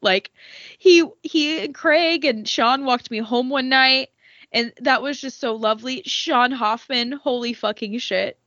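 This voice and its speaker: A woman's voice: sits high, unhurried, a bit bright, no echo, lo-fi sound. A woman co-hosting a podcast in casual chat, emotional and rambling, with lots of fillers and swearing. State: tearful. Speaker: podcast co-host.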